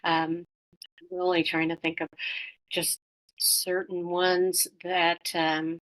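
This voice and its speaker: A woman's voice: lowish voice, little pitch movement, slow, a bit bright, rough recording. A middle-aged woman talking as an interview guest, reflecting casually with many fillers and restarts.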